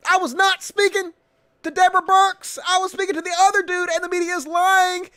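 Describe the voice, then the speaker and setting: A man's voice: extremely high pitch, flat delivery, brisk, pushed and bright, no room sound, studio quality, voice pushed up. A man mocking a blustering male president who rants indignantly at the press. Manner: indignant and boastful.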